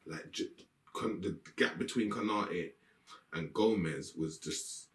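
A man's voice: sits low, slow, roomy sound, far from the mic. A man giving a blunt, exasperated post-match rant about his team, swearing as he goes. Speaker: football fan reacting to a match. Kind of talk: ranting post-match reaction. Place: room with green screen.

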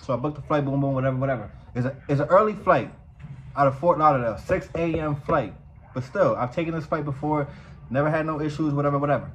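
A man vlogging casually, telling a story in a profane, animated way. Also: fairly high pitch, fast talker, slight background noise, poor audio.

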